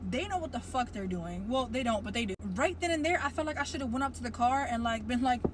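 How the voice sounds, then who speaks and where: A woman's voice: a little high, lively intonation, fast, background noise. A woman telling a story in a casual, blunt and profane way, speaking straight to her viewers. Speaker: storyteller in a clip.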